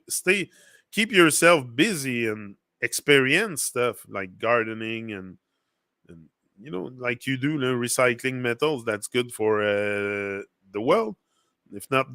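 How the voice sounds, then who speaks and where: Bright-voiced man with a French accent. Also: medium pitch, no room sound, clean studio sound. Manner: rambling, reads viewer comments aloud. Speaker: motivational livestream host. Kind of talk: casual motivational chat.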